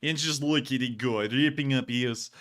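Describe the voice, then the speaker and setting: Speaking in a medium-pitched, fairly bright voice, a man hosts a commentary show on war footage, chatting casually over clips. He's sarcastic and jokey, laughing easily.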